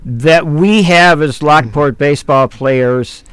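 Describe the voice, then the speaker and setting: A man's voice: a little high, slow pace, fairly bright tone, clear, resonant tone, dry recording. A man, hosting and telling folksy baseball stories with fillers. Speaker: host. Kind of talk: reminiscing talk show chat.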